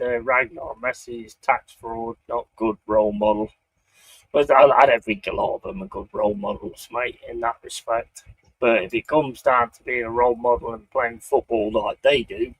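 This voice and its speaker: The sound quality is low as this Bristol-accented Englishman, voice mid-range with vocal fry and a breathy edge, hosts a stream from his home setup. He's laid-back and joking while talking with a guest and reading out chat comments.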